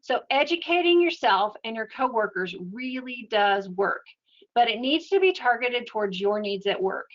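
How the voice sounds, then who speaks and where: Higher-voiced woman presenting a webinar. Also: dull audio. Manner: explanatory, steady and conversational. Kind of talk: educational webinar talk.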